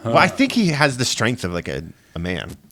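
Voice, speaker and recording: A man co-hosting a casual gaming podcast, excitable and swearing a lot, laughing as he tells stories. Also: medium pitch, normal speed. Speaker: podcast co-host.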